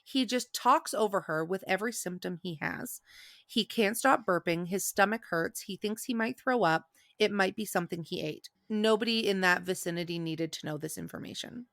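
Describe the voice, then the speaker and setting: A woman's voice: medium pitch, moderate pace, no echo, clean studio sound. A woman podcast host telling a story in casual chat, acting out the people in it. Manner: animated storyteller acting out quotes.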